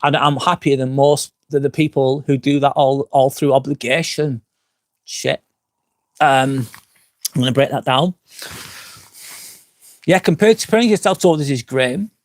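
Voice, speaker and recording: A man's voice: mid-range voice, unhurried, long pauses, dry recording. Tipsy, slurring man in his forties, casual live-stream host outdoors at night, rambling and foul-mouthed, mid-range voice. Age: 40s. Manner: rambling and frank, swears often. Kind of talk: casual live-stream chat, answering comments. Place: outdoors at night by a campsite fire pit.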